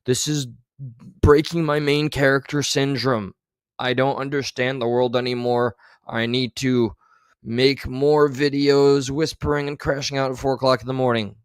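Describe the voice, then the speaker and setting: A man's voice: mid-range voice, level tone, moderate pace, smooth, no echo. A man commenting on clips in a livestream, blunt and sarcastic, with a lot of swearing. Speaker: streamer commentator. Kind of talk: profane commentary over played clips.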